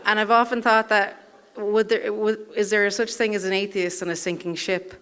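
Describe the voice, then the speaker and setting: A woman's voice: medium pitch, level tone, moderate pace, fairly bright tone. A woman telling a personal story live on a theatre stage, in a wry, self-deprecating way, chuckling through her lines.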